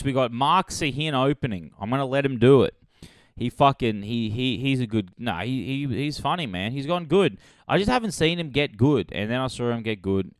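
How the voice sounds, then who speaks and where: A man hosting a comedy podcast, rambling through a sarcastic movie pitch in a deadpan way, with sudden loud jumps. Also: clear, resonant tone, no room sound, studio quality.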